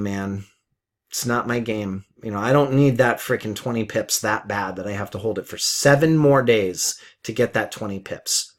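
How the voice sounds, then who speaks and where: Brief: middle-aged male forex mentor, blunt and profane, live market commentary, chatty with laughs, pitch rises and falls a lot. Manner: blunt, swears, repeats himself; chatty, laughs at his own jokes.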